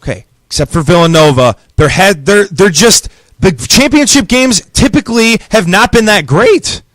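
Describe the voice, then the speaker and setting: A man co-hosting a sports radio show in a studio, arguing his points and quick to disagree. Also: high-pitched, lively intonation, a bit bright, no room sound. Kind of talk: casual sports debate.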